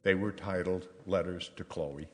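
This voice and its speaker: An older man from Tennessee, reading a personal letter aloud at a church service in a measured, storytelling way. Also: low-pitched, steady tone, darkish tone. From Tennessee, US South.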